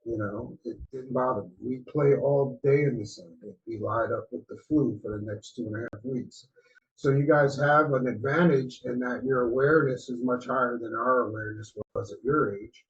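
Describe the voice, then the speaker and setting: A man co-hosting a podcast, giving relaxed, mentoring advice in a casual chat. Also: medium pitch, normal speed, highs cut off. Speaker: podcast co-host.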